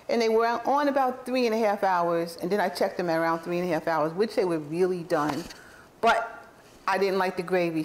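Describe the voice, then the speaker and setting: Chatty woman hosting a cooking video. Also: on the low side. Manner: chatty and rambling, with frequent self-corrections; warmly enthusiastic about the food, chuckling. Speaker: cooking channel host. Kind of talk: casual cooking demonstration.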